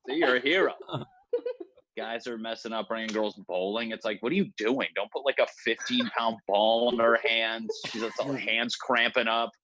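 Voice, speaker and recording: A man's voice: mid-range voice, steady tone, moderate pace, sharp tone, a little hiss or hum. A man in his thirties doing a crude, rambling, self-mocking stand-up set over a video call. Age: 30s. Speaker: stand-up comic. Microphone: home setup on a video call.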